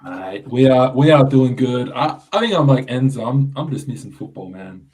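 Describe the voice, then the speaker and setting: A man's voice: mid-range voice, lively intonation, normal speed, darkish tone. A man chatting easily as a guest on a live stream. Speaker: guest co-host.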